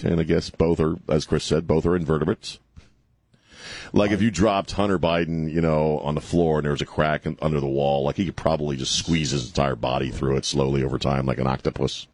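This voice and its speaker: Deep-voiced wry male radio host. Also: steady tone, a little mellow, no room sound. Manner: joking, wry, drops into quick put-on voices. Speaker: radio talk show host. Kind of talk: casual talk radio chat. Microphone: studio microphone.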